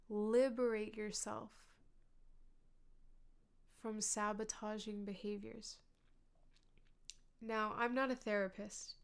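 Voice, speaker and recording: A woman hosting a podcast, speaking in an earnest, gentle self-help monologue that sometimes sinks to a soft whisper. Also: mid-range voice, clear, resonant tone. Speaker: podcast host.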